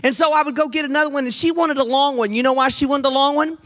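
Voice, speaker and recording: An older woman preaching a Mother's Day sermon in church, humorous and lively, calling on the congregation to answer back. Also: high-pitched, fast. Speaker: guest preacher. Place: church sanctuary.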